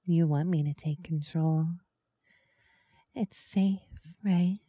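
A woman in whispered role-play, speaking softly and coaxingly, with teasing murmurs close to the microphone. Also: fairly low pitch, no echo. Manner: soft, slow, coaxing and teasing, with breathy murmurs. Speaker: ASMR role-play performer.

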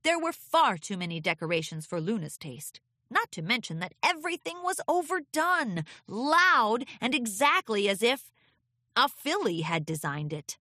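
A woman reading a children's storybook aloud with expressive, lilting narration. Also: fairly high pitch, moderate pace, no echo, clean studio sound. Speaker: audiobook reader.

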